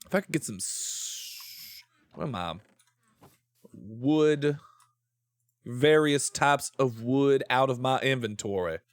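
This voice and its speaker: A man's voice: medium pitch, takes it slowly, long pauses, no room sound. Chatty, swearing male streamer, dry sound. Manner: chatty, rambling, playful, swears freely. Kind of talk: casual live-stream chat while gaming.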